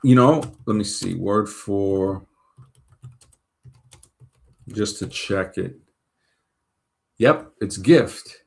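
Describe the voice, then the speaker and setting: A man from Brooklyn talks in a low-pitched voice. He rambles in a loose, off-the-cuff monologue, thinking aloud as he goes. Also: drawn-out words, gravelly, pauses often, darkish tone. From Brooklyn, New York. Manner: rambling, thinking aloud, checks facts while talking. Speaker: show host. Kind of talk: casual monologue.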